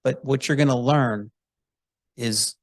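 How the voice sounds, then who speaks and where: A man hosting a podcast, chatting casually and rambling a little as he goes. His voice sits at an ordinary pitch, and it sounds dry and close, with no room around it. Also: takes it slowly, no room sound. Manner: easygoing, rambling with restarts. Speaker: podcast host. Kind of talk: casual interview chat.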